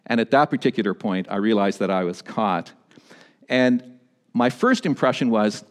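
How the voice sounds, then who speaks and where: A pastor delivering a sermon, swinging between emphatic high points and quieter, low-voiced storytelling. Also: male voice, moderate pace. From Canada. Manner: animated preaching, rising to emphatic peaks and dropping low for stories.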